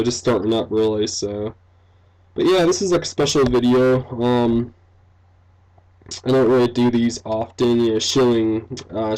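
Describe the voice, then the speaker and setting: A man's voice: medium pitch, a little mellow, low-quality recording. A young man giving casual commentary on a game he is building, rambling with many fillers and frequent laughs. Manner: rambling, full of fillers like "um", "like" and "you know"; laughs often, self-deprecating. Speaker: game developer and let's-play commentator.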